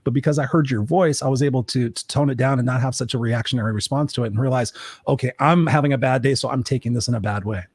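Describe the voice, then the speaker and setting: Male co-host, middle-aged, quick and energetic, dry close sound. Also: medium pitch, breathy edge, dry recording. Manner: energetic, advice-giving, talks in long runs. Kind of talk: casual chat.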